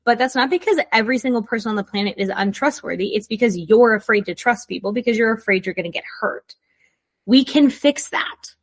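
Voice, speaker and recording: Chatty, encouraging woman podcaster. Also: fairly high pitch. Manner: conversational and encouraging, with quick asides. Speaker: podcast host, coach. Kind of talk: casual advice monologue.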